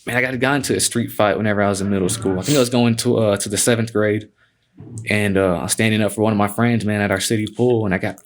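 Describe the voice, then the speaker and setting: A man's voice: fairly low pitch, fairly even intonation, fast. A man guest telling stories in a laid-back, casual way, filling his talk with "man" and cuss words. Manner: laid-back, peppers speech with "man" and cussing. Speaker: guest, MMA fighter. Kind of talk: casual storytelling.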